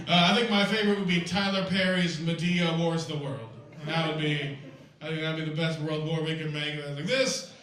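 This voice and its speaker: A man with a high, bright voice performs stand-up on a festival stage, rambling through absurd bits with excitable energy. The sound is echoey and a little distant, caught in a live room. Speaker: stand-up comedian. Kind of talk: stand-up comedy set.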